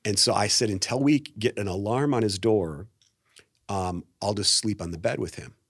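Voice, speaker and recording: A man's voice: on the low side, moderate pace, husky, no echo, clean studio sound. A middle-aged man, a pastor and guest, telling a personal story in a podcast interview and acting out the quotes. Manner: animated storyteller, acts out quotes.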